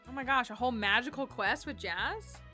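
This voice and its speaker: Excitable woman streaming a game. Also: a little high, fairly quick. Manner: excitable, chatty, lots of fillers. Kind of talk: casual gameplay commentary. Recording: game music behind.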